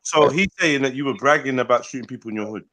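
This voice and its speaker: A man's voice: medium pitch, quick pace, sharp tone. A British man hosting a call-in panel, repeating his questions and telling the guests to hold on. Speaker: host. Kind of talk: moderating a heated call-in panel.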